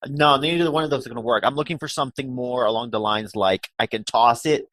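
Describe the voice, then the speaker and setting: Man player, mid-pitched, casual, rambly questions. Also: steady tone, quick pace, fairly bright tone. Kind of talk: casual tabletop role-play.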